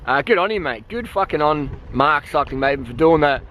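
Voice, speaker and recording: A man's voice: a little high, lively intonation, brisk, a bit bright, slight background noise, poor audio. An Australian man vlogging outdoors from a vehicle, delivering a blunt, profane motivational rant. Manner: blunt, sweary, emphatic.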